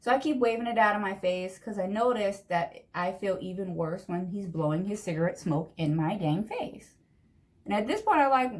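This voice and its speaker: A young woman telling a long personal story in a chatty, animated way while doing her makeup. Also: mid-range voice, moderate pace. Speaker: vlogger. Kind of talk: get-ready-with-me storytime.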